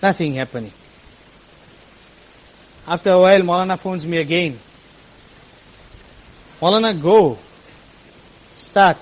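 High-voiced man telling a story. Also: measured pace, pauses often, low-quality recording. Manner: animated, quotes people in lively voices. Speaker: speaker telling a personal story. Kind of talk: storytelling talk to an audience.

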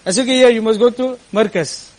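A man's voice: very high-pitched, quick pace, a little mellow, poor audio. A man, an imam telling a story in a sermon, earnest and at times rising to impassioned exclamations.

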